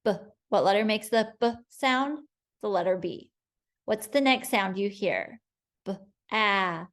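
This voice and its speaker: A woman teacher leading a phonics spelling lesson, sounding out each word slowly and clearly for young learners. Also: mid-range voice, lively intonation. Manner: slow, clear, patient sounding-out of words.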